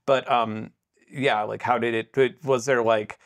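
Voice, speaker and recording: A man's voice: mid-range voice, fairly even intonation. Hesitant man hosting a podcast. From United States. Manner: halting, many fillers and restarts while asking questions. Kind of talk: casual podcast chat.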